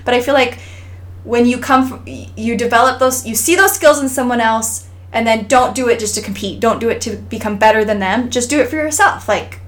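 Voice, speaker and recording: A woman's voice: fairly high pitch, fairly quick, fairly bright tone. A woman from Idaho co-hosting a podcast, talking earnestly and encouragingly in casual chat, with many restarts and fillers. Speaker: podcast co-host.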